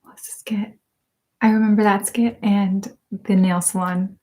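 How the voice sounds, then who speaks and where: A soft-spoken woman chats casually with her live-stream viewers, slipping in and out of whispers. Her voice has a mellow, darker tone. She talks at a slow, unhurried pace. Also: mid-range voice, flat delivery. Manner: soft-spoken, drifting into whispers, laughs often. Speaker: ASMR channel host.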